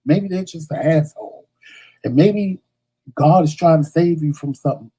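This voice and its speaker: Blunt, animated man with a mellow voice. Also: on the high side, moderate pace, breathy edge, low-quality recording. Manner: animated, blunt, rambling with stutters and slang. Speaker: morning show host. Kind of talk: casual monologue.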